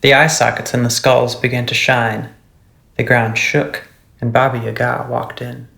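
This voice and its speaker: A man narrating a fairy tale storybook in a steady, measured way. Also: medium pitch, vocal fry, echoey room, rough recording. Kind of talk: storybook reading.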